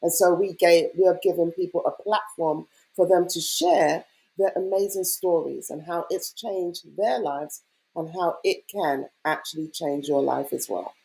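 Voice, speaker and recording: A woman's voice: lowish voice, unhurried, vocal fry, dark tone, low-quality recording. Eager woman hosting a video call. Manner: enthusiastic, welcoming, chatty. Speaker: host. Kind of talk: online event hosting.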